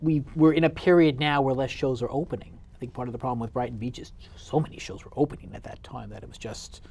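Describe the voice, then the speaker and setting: A man theatre critic chatting about a show in a measured, summing-up way. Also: medium pitch, steady tone, vocal fry, a little mellow, slightly rough. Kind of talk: casual review chat.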